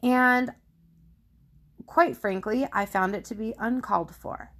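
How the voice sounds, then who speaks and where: A woman's voice: fairly high pitch, takes it slowly, fairly bright tone. A middle-aged woman hosting a personal faith podcast, telling a story candidly and thoughtfully with frequent restarts, on a studio microphone. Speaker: podcast host.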